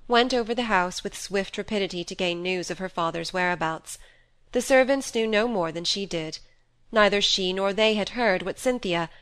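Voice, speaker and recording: A woman reading a classic novel aloud as an audiobook, in a measured, even storytelling manner. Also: mid-range voice, clear, resonant tone, dry recording. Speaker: audiobook reader. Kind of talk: scripted narration of a classic novel.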